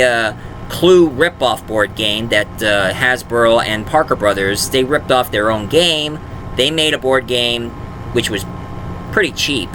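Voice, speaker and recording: A man's voice: mid-range voice, noisy background. A man who makes audio dramas, talking in a casual, rambling way with frequent fillers and restarts. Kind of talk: casual vlog talk.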